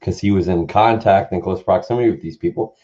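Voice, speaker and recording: Low dull-sounding male co-host. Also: quick pace, dark tone. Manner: dry, offhand, coughs now and then. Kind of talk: casual live-stream chat.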